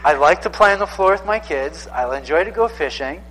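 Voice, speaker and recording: A man's voice: a little high, lively intonation, brisk, a bit bright, long reverb tail, poor audio. A man in his thirties preaching a sermon in a casual, conversational way, often repeating himself for emphasis. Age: 30s. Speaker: pastor.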